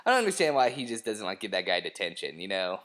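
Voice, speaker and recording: A man's voice: fairly low pitch, big pitch swings, fast talker, a bit bright. A man co-hosting a casual TV commentary chat, rambling and hedging and often laughing as he talks. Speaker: podcast co-host.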